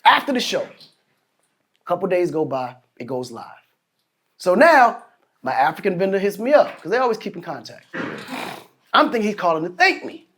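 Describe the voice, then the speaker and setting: A man telling stories as a podcast guest, animated and profane, often laughing and cutting in with "hold on.". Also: high voice, normal speed, pauses often. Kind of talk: casual storytelling chat.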